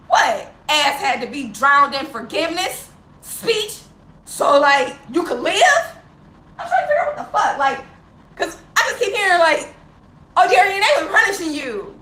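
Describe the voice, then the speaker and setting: Woman vlogger, high bright voice, raw profane rant, bitter laughs, roomy echo. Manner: heavily profane, impassioned, laughs bitterly between lines. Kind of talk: unscripted emotional rant to camera. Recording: roomy echo with faint ambience.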